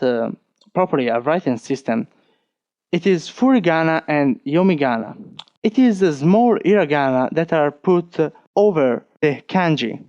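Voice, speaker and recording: A man with an Italian accent, teaching an online lesson, talking slowly and patiently and counting strokes aloud. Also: on the high side, darkish tone, dry recording, highs cut off. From Italy. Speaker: language teacher.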